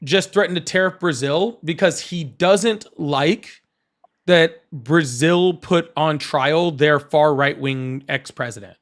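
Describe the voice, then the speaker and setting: A young man hosting a casual political debate, blunt and argumentative, with rough, profane language. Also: a little high, slow pace. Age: young adult. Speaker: political show host.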